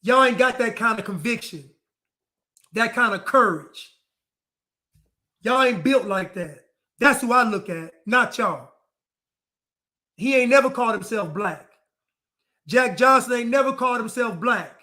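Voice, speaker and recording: Man, high voice, bright and forceful, defiant rant, repeats himself. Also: animated, a little slow, long pauses. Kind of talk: ranting monologue to camera.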